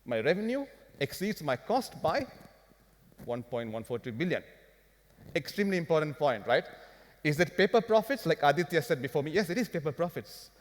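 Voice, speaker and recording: A man giving a live finance talk to an audience, animated and firing rhetorical questions at the crowd. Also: fairly high pitch, fairly quick. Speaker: business speaker. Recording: long hall reverb.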